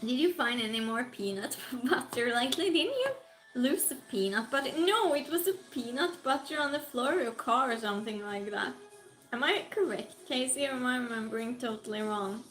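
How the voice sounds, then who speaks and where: Chatty high-voiced Norwegian-accented woman streamer. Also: animated, moderate pace, fairly bright tone. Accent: Norwegian-tinged British English. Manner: chatty, greets viewers by name, reads comments aloud. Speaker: livestream host. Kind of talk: casual live-stream chat with viewers. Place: home room. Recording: echoey room, faint music.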